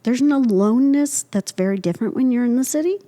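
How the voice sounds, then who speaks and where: A middle-aged woman from Ohio, an artist and professor, telling a story in casual conversation and acting out the dialogue. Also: fast talker. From Ohio, USA. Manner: animated storyteller, acting out dialogue with pitch jumps. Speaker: artist and art professor, guest.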